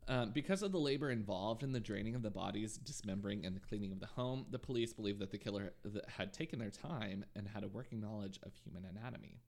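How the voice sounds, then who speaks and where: A man hosts a true crime podcast and tells the case in a relaxed, conversational way, sprinkling in ums and side remarks. His voice is low and gravelly with plenty of vocal fry. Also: quick pace, hardly any pauses. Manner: relaxed narration with frequent ums and asides. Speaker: podcast host.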